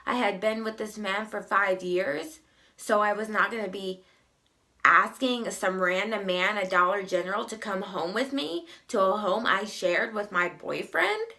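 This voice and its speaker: Slow, gravelly young woman vlogger. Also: mid-range voice, pushed and bright. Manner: emphatic, exasperated storytelling. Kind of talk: casual storytime vlog.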